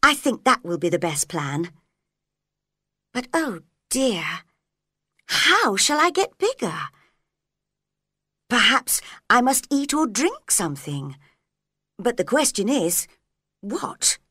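A woman's voice: on the high side, very animated, takes it slowly, long pauses, pushed and bright, breathy edge, no echo, studio quality, heavily acted. A woman playing a polite puzzled little girl. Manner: polite and earnest.

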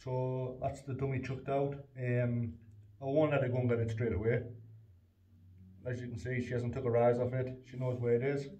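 A man's voice: mid-range voice, flat delivery, moderate pace, mellow. A man, explaining in a plain, rambling way how he trains his spaniel, with lots of fillers and short firm commands to the dog. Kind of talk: casual training demonstration. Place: indoors in a house hallway. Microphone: phone on the stairs, away from him. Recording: roomy, distant phone recording with faint noise.

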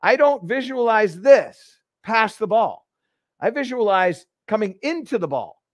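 A man hosting a live golf lesson, explaining each move step by step with energetic restarts in an indoor golf studio. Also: sits high, measured pace, dry recording. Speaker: golf instructor and show host. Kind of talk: live instructional demonstration.

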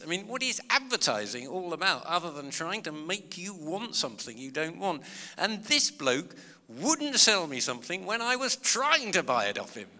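In a large public hall with long reverb, a male comedian and author tells a live crowd chatty, self-deprecating stories. His voice is slightly high, bright and forceful.

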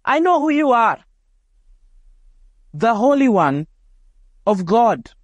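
A frightened demon cries out in a high, alarmed voice, pleading to know whether his end has come, as a man preaching reads his lines aloud. The sound is close and dry, with no room around it. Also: expressive, normal speed, dry recording, highs cut off. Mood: fearful. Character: fearful male demon crying out.

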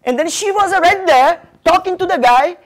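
A man from Brazil speaks English with a Brazilian Portuguese accent as a motivational speaker. He tells a story to a live audience in an animated way, chaining events with "and then" and acting out the dialogue. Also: very high-pitched, a little fast.

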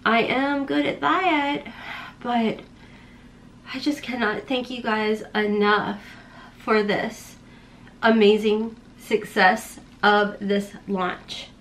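A woman's voice: fairly high pitch, fairly even intonation, slow pace, a bit bright, a little hiss or hum. A woman beauty vlogger chatting casually while doing her makeup, rambling, emotional and heartfelt with folksy slang.

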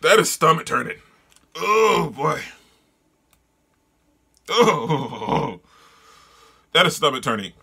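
A man reading a comic aloud and reacting with excited, disgusted exclamations and yelling. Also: a little high, moderate pace, creaky, breathy edge. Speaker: manga reader and reviewer.

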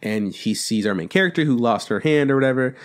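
A man's voice: mid-range voice, animated, fast talker. A man co-hosting a podcast, rambling casually about a film he watched, and swearing a lot as he retells the scenes. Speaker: podcast co-host.

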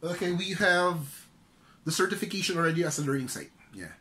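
Man, Filipino accent, middle-aged, chatty trainer, bright forceful voice, fairly high. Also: sing-song, brisk, slight background noise. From Philippines. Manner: loose and chatty, frequent "okay?" check-ins. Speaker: career trainer. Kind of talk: casual instructional vlog.

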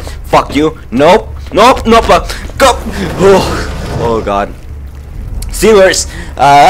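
A young man playing a horror game, swearing constantly, panicking and yelling at enemies, then muttering nervously. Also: mid-range voice, a little hiss or hum. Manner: profane, jumpy, yelling in panic. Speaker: let's play gamer.

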